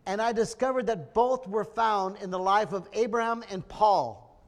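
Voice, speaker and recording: A man's voice: high-pitched, moderate pace. A middle-aged man preaching a sermon, earnest and emotional, often restarting his sentences.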